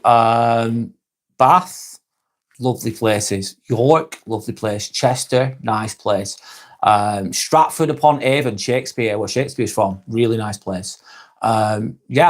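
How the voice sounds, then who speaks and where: Relaxed British man chatting on a live stream. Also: medium pitch. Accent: British English. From England. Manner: relaxed and chatty, with frequent ums and quick laughs. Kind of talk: casual live-stream chat, reading comments aloud.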